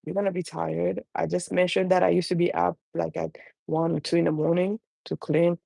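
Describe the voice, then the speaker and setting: A young adult woman with a non-native English accent live-streams from her home kitchen as a caregiver mom vlogger. Her voice is lowish, gravelly and warm, with a flat, brisk delivery, and the recording is dry. She chats and rambles casually, often restarting her sentences.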